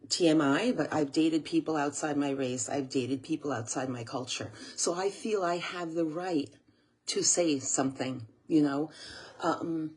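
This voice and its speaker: A woman's voice: low-pitched, darkish tone, husky. A woman from the United States, a channel host, talking earnestly to camera, close to tears and repeating herself. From USA. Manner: earnest, tearful, repeats phrases. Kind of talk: emotional monologue to camera.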